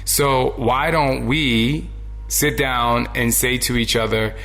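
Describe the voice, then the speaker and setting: Faint music plays behind a man's steady, medium-pitched voice, which is creaky, a bit bright, and unhurried. Hosting a solo motivational podcast, he talks earnestly and conversationally about everyday decency, occasionally acting out brief exchanges.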